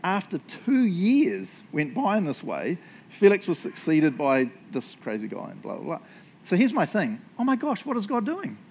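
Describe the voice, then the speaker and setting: A man's voice: high-pitched, huge pitch swings, moderate pace, a little mellow, breathy edge. A man preaching a casual sermon, joking often and asking "right?" after points. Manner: chatty, joking, tag questions. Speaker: pastor.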